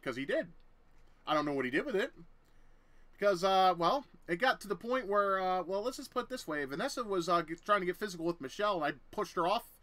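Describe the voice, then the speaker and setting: A man's voice: high voice, lively intonation, brisk, a bit bright. A young man telling a personal story on his vlog, swearing heavily and talking bluntly. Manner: heavy swearing, heated and blunt. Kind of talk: casual storytelling rant.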